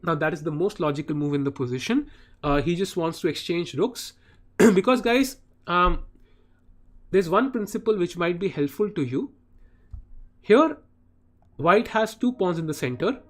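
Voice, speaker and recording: A man commentating live chess on a stream, chatting with viewers and often saying "guys". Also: high-pitched. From India. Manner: chatty, addresses chat viewers by name, often says "guys".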